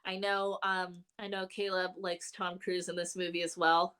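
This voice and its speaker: A woman's voice: moderate pace, clean tone. A woman co-hosting a casual podcast chat from home, telling stories with lots of laughter and big swings in her voice. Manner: animated, laughing storyteller with big pitch swings. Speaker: co-host. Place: home, remote live show during lockdown.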